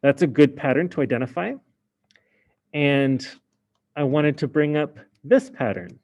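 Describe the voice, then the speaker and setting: A man's voice: on the high side, a little slow, a little mellow. A man teaching a French class in a casual explaining way, with many fillers. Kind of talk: recorded class lesson.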